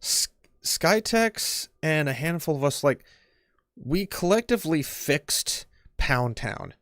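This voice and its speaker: A man's voice: a little high, sing-song, slow, a bit bright, no echo, studio quality. A man on a casual podcast chat who often restarts his sentences and laughs along. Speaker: podcast co-host.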